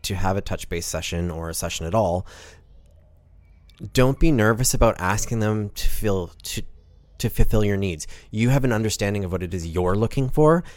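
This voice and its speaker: A man's voice: fairly low pitch, lively intonation, moderate pace, no echo. A man giving frank, matter-of-fact advice in a conversation. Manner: direct, matter-of-fact, advising.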